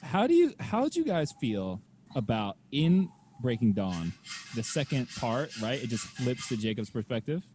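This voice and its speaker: A man's voice: medium pitch, moderate pace, slight background noise. A man hosting a podcast, chatting casually and telling stories with lots of laughter. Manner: animated, laughing storyteller. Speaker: podcast host. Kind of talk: casual chat.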